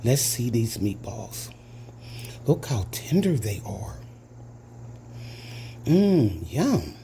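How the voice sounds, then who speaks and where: A man walks viewers through a recipe at an unhurried, easygoing pace, his voice warm and mellow. He talks in a chatty way, keeps calling his audience "guys" and lets out pleased hums as he tastes. Faint kitchen noise sits low in the background. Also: very animated, creaky. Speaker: home cooking channel host. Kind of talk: casual cooking demonstration.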